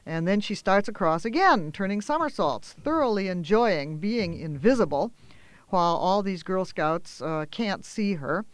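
High-voiced man reading a story. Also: unhurried, clean tone, no room sound. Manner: gentle, expressive storytelling with small fillers. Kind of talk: reading a children's story aloud.

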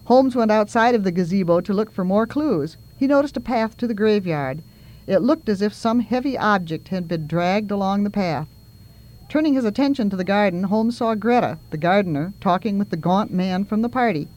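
A relaxed, even narration of a story, read aloud at a middling pitch. The delivery is plain and unhurried. It sounds like a storybook read-aloud. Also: lo-fi sound. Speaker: reader.

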